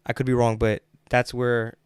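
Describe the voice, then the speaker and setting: A man hosting a casual podcast interview, relaxed and friendly, slipping in short affirmations. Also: medium pitch, moderate pace, clean tone, dry recording, studio quality. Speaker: podcast host.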